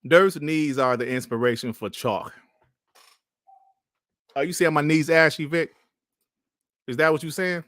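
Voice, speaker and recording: A man's voice: fairly high pitch, measured pace, long pauses, fairly bright tone, no room sound. A man hosting a casual live stream, laughing often and trash-talking with plenty of swearing. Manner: laughing, profane trash talk.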